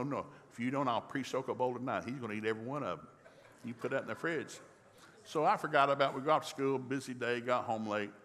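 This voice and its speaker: Older man, pastor, folksy storytelling sermon, animated, reverberant hall. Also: medium pitch. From rural American South.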